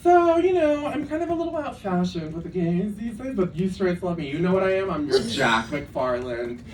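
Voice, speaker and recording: A man's voice: high-pitched, expressive, moderate pace. A man doing a stand-up comedy set in a club, campy and self-deprecating, chatting with lots of asides. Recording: echoey club room, distant mic, audience noise. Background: audience laughter.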